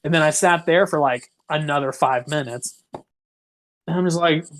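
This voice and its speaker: This young man, a podcast co-host, tells a drawn-out story unhurriedly, his fairly high voice a bit bright. The delivery is casual and wandering, peppered with "like" and free-flowing profanity.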